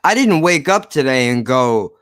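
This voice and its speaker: A man's voice: mid-range voice, sing-song, moderate pace, fairly bright tone, dry recording, clean studio sound. Profane slurring man ranting. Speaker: podcast host. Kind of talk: casual rant to listeners.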